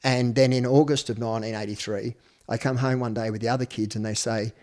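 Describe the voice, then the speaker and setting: Australian man, 50s, podcast guest; blunt, salty storyteller at a middle pitch. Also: steady tone, fast talker, a little mellow. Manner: blunt, swears freely, acts out quoted speech. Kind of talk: personal storytelling interview.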